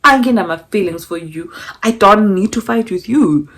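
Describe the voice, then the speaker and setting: A young South African woman with a South African accent, chatting casually through a storytime and switching between English and Zulu. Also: normal speed. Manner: animated, acts out quotes with pitch jumps. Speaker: vlogger.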